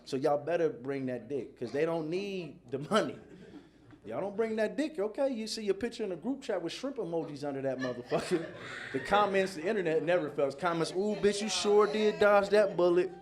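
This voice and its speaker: A male comedy host with a slightly high voice. He talks loose and profane, jumping into animated impressions for his bits. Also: fairly quick, a crowd in the background. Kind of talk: stand-up comedy.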